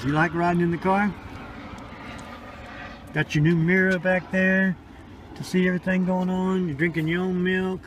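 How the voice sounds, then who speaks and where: A man's voice: high voice, level tone, moderate pace, pauses often, slight background noise. An older man filming a casual home video, chatting and coaxing his baby granddaughter as he talks to her.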